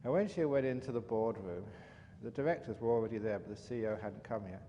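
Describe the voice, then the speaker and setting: A man, a monk, giving a dharma talk as an animated, chatty storyteller. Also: on the low side, fast, lo-fi sound. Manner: animated, chatty storyteller with frequent "you know". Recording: reverberant hall, faint background noise.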